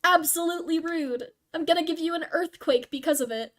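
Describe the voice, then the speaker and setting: A young woman with a high, light voice chats with her stream audience while she plays. She rambles and pokes fun at herself in an easy, casual way. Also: fairly quick. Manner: rambling, self-deprecating, chatty. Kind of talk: casual game stream chat.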